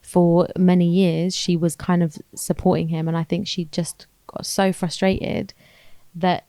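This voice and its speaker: A woman's voice: lowish voice, level tone, a little slow, dark tone, no echo. A young woman, co-hosting a casual podcast and telling a story in slangy chat, acting out what she said at the time. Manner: chatty storyteller, slangy, acts out her own past lines. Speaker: podcast co-host.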